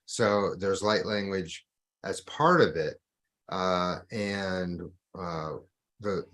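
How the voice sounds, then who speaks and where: A man joining a video-call chat, explaining things hesitantly with many pauses and restarts. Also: deep voice, fairly bright tone. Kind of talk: casual chat.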